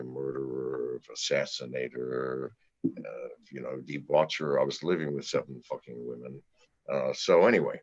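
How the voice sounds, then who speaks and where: A man's voice: very deep voice, dull audio. A man telling rambling, profane anecdotes with chuckles, as a guest in a casual interview. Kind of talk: storytelling in casual conversation.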